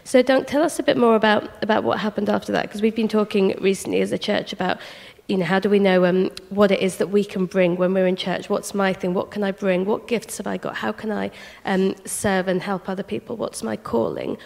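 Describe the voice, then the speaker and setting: A woman's voice: medium pitch, steady tone, a little fast, creaky, darkish tone. A woman interviewing a church member, responding with enthusiasm and posing a string of questions. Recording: long hall reverb.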